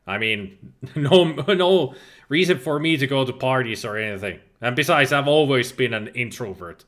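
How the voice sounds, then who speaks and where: Lively bright-voiced man. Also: medium pitch, normal speed. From Finland. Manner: chatty, laughs often, restarts words. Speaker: livestream host. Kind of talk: casual chat reading a live chat.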